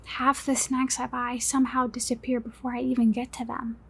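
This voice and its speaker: A young woman in a whispered role-play, speaking in a teasing, possessive, slow and intimate way. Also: a little high, flat delivery, vocal fry, a bit bright, husky. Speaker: ASMR roleplay performer.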